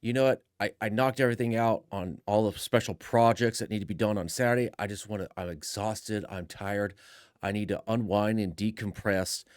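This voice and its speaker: A man's voice: fairly low pitch, steady tone, a little fast, clean tone, dry recording, studio quality. A man hosting reaction commentary, speaking in a sarcastic, mocking way. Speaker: commentary host.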